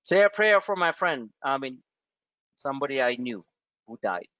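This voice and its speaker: A man's voice: medium pitch, big pitch swings, moderate pace, pushed and bright, dry recording, highs cut off. A man hosting a stock trading webinar, talking bluntly and emphatically, swearing and repeating himself for effect. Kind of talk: live trading webinar rant.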